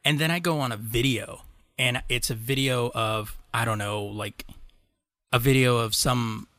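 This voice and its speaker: A man's voice: mid-range voice, unhurried, a bit bright, no room sound. A man co-hosting a casual podcast, rambling through stories, swearing casually and laughing often. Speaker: podcast co-host. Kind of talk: casual chat.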